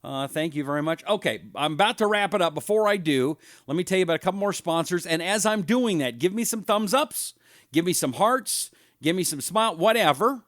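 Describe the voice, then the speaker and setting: A man's voice: high voice, expressive, brisk, a bit bright, no room sound, clean studio sound. A middle-aged man hosting a live talk show, telling anecdotes in a chatty way and reading viewer comments aloud. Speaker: radio talk show host.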